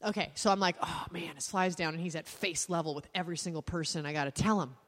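Woman podcast co-host, lively storyteller who acts out voices, slight hall reverb. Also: fairly low pitch, quick pace. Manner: animated, laughing, acts out voices and sounds. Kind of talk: casual storytelling chat.

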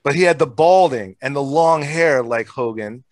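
A man telling casual, profane stories from his school days in a relaxed, chatty way. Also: mid-range voice, normal speed, no room sound. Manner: profane, laid-back storytelling. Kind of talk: casual storytelling chat.

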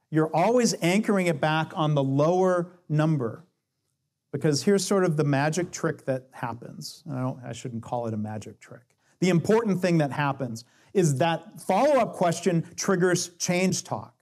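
A man's voice: fairly high pitch, lively intonation, normal speed, a little mellow. A man giving a conversational talk on coaching, acting out quoted dialogue as he explains. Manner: explains with acted-out dialogue quotes, shifting pace. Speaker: speaker on coaching and lean management.

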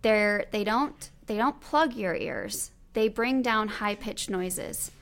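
A woman's voice: mid-range voice, slow, fairly bright tone. A woman in her thirties hosting a podcast, chatting in an enthusiastic, affirming way. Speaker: podcast host. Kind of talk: casual interview chat.

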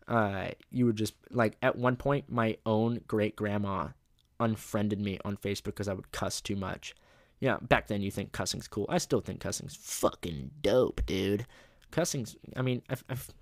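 A young man tells a rambling story in a relaxed, profanity-laced way. His voice is low and gravelly, and it sounds close and dry, with no room around it. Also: no echo. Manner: profane, laid-back storytelling with lots of filler. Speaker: podcast host. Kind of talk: casual storytelling monologue.

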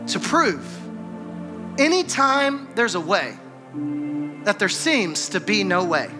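A male pastor with a high, light voice delivers a conversational sermon. He retells scripture in his own words and voices its characters. Music plays clearly underneath. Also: big pitch swings, slow pace. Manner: conversational preaching, acts out scripture dialogue. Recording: music playing behind.

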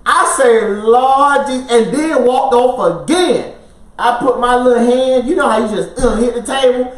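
A man with an extremely high-pitched voice speaks at a measured pace, co-hosting a podcast. In casual chat he tells a personal story, acting out quotes and laughing often. The sound is roomy, with the mic at a distance.

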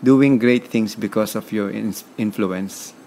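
Gravelly, emphatic Filipino man. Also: on the low side, a little slow, mellow, a little hiss or hum. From Philippines. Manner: emphatic, motivational, repeats words. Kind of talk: conversational interview.

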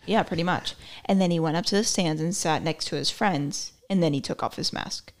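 A woman's voice: fairly low pitch, fairly quick. A young woman hosting a podcast, chatting casually and telling stories with a sarcastic edge. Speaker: podcast host. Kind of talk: casual chat.

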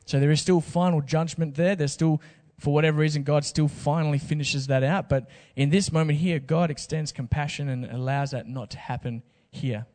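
A man's voice: fairly high pitch, steady tone, moderate pace, hardly any pauses, a little mellow, long reverb tail. A man preaching a sermon in a casual, joking way with slang asides. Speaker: pastor.

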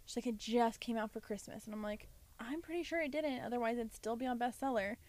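A woman co-hosting a podcast, calmly telling a story about a customer at her old job. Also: a little high, quick pace. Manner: dry retelling, quoting a customer. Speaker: podcast co-host. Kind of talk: casual chat, storytelling.

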